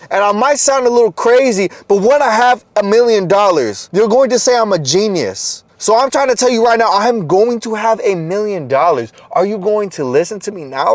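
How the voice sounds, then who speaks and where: A man delivering an intense, profane motivational monologue in a fairly high voice. He swings from loud, pushy urging to low, quiet passages, all recorded dry and close. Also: dry recording. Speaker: motivational content creator.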